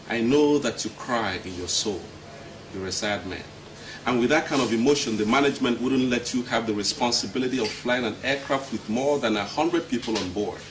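An actor with a Nigerian accent playing a senior pilot who talks earnestly to a friend. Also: male voice, medium pitch, a bit bright, natural voice. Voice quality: earnest, brotherly persuasion. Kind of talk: Nollywood film acting. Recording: roomy distant film audio with noise.

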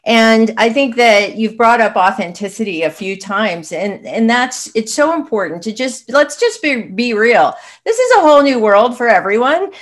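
A woman's voice: a little high, lively intonation, normal speed, hardly any pauses. A woman hosting an interview, summing up points and then asking the next question in an affirming way. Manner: affirming, sums up then asks. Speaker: interviewer and show host.

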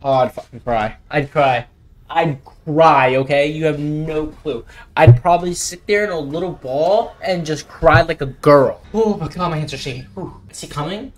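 A young man commentating a horror game he is playing, swearing and swinging between hushed muttering and frantic outbursts. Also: on the high side, normal speed. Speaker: gaming channel host.

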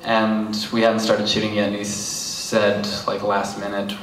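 A man, an actor, answering questions haltingly with self-deprecating remarks. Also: fairly low pitch, monotone, fairly bright tone, slight background noise. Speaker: actor in the film. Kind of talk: live Q&A answers. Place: cinema hall after a screening. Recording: roomy, distant mic, faint ambience.

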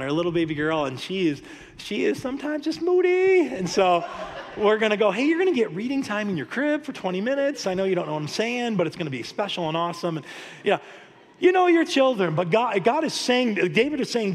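A pastor preaching a lively, story-filled sermon, often laughing. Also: male voice, high-pitched, brisk. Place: church sanctuary. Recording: long hall reverb.

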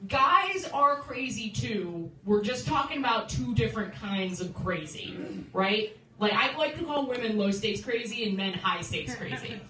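A woman's voice: on the high side, lively intonation, measured pace, sharp tone. Young woman doing stand-up, heard from afar. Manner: chatty, self-interrupting, laughing between jokes. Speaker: stand-up comedian. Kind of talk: stand-up set. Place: comedy club. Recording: roomy, distant phone stream with background noise.

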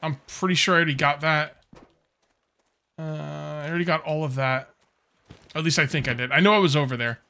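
A man's voice: fairly high pitch, brisk, vocal fry, long pauses, pushed and bright. A man casually commenting on his survival-game session as he plays, rambling and easygoing with lots of fillers. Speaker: gameplay commentator. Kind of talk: casual let's-play commentary.

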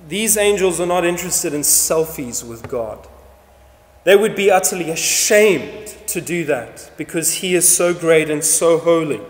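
A male pastor preaching a sermon, driving his points home with repetition and rhetorical questions. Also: high voice. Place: church sanctuary. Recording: echoey church hall reverb.

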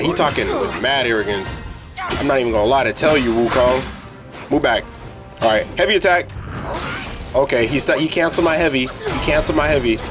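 A young man streaming a video game, reacting with excitable jokes, casual commentary and sudden loud outbursts. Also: medium pitch. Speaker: gaming streamer. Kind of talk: casual let's-play commentary. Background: game music.

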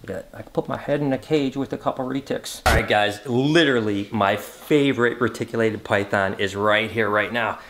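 A middle-aged man talking casually to camera as a vlogger host, chatty and excitable, calling his viewers guys. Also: on the low side, fairly quick, hardly any pauses, slight background noise. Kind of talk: casual vlog talk to camera.

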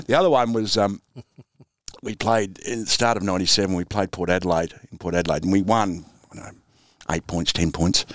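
In a clean, dry studio recording, an Australian former footballer and coach in his sixties tells anecdotes during an interview. His voice is on the low side, and his style is relaxed and chuckling.

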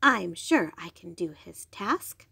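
A woman's voice: on the low side, sing-song, takes it slowly, creaky, sharp tone, slightly rough, no room sound, studio quality, heavily acted. A woman voicing an earnest, worried mother. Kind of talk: storybook reading.

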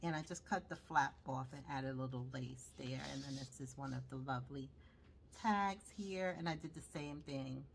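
A woman's voice: rumbling low, slight background noise. A woman with a Brooklyn accent showing her handmade journals, chatting casually and rambling with lots of fillers. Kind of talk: casual show-and-tell.

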